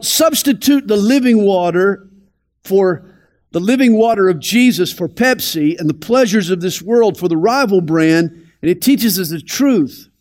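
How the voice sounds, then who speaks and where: A man with a notably high voice teaches scripture on the radio. He is deliberate and emphatic, and he drops into soft, quiet asides. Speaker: pastor.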